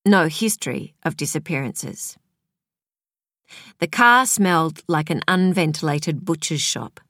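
A woman reading a crime novel aloud as audiobook narrator, in a measured, even storytelling manner. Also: deep voice, no echo, clean studio sound. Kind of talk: scripted narration.

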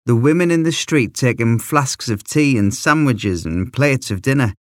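A man with a mid-range voice reads a children's story aloud as a first-person narrator, lively and expressive, into a close microphone. There's no room sound at all.

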